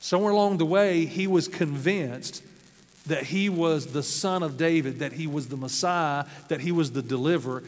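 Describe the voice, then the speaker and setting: A man's voice: on the high side, moderate pace. Man preaching in an echoing hall. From South Arkansas, USA. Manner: storytelling with folksy humorous asides. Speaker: pastor. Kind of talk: sermon. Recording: long hall reverb.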